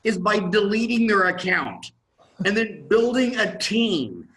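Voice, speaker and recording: A dentist in his fifties, a guest in a podcast conversation, telling blunt, animated stories and acting out what other people say. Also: high-pitched, measured pace, poor audio.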